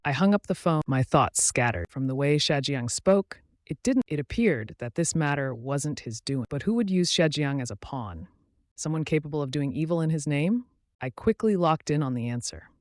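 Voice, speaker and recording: A man reading a drama story recap as narrator, voicing every character's lines in the same even voice. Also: a little high, moderate pace, no room sound, clean studio sound.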